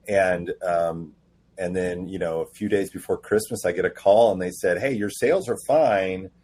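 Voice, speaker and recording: A man guest on a casual podcast interview, telling animated stories and acting out quoted dialogue. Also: low-pitched, normal speed. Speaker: comic book writer guest.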